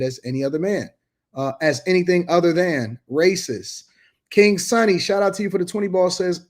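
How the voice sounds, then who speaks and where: A man hosting a livestream, reading viewer comments aloud with quick casual asides. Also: fairly high pitch, darkish tone. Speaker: livestream host reading chat.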